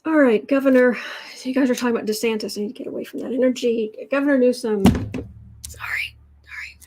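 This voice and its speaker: A woman hosting a live tarot reading, musing aloud over the cards and answering chat in halting, drawn-out phrases. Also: on the high side, a little mellow. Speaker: tarot reader and channel host.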